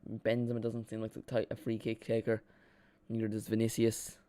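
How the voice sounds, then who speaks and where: A man streaming a live watchalong, giving casual, excitable play-by-play and chatting with his viewers, joking at his own expense. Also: on the low side, normal speed, no echo. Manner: chatty and excitable, jokes about himself.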